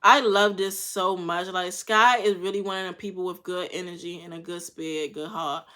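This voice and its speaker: A young woman gives loose, slang-heavy commentary on a reality show episode, bluntly swearing and offering frank opinions. Her voice is on the low side, sharp and steady in tone, at a moderate pace.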